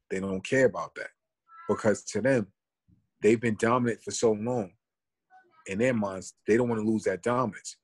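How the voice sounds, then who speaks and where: A man's voice: on the low side, slightly rough. A man, earnestly telling a story and reflecting on it in a casual podcast talk. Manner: earnest, reflective, builds an argument. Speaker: podcast co-host.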